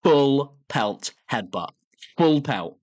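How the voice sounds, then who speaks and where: A man's voice: mid-range voice, drawn-out words, no room sound. Young man telling a story. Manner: animated storytelling, swears a lot, acts out quotes. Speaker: podcast co-host. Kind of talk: casual chat.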